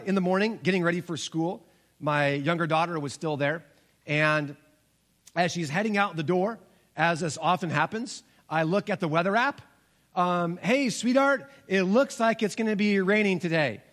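A man's voice: on the high side, fairly bright tone. A man in his forties preaching a sermon as pastor, telling stories and acting out the voices in them. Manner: storytelling, acts out voices in quotes.

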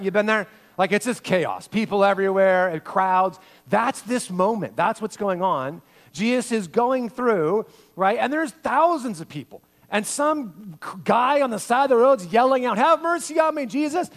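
A male pastor preaching a sermon, swinging between loud, acted-out quotes and hushed, intimate passages. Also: sits high.

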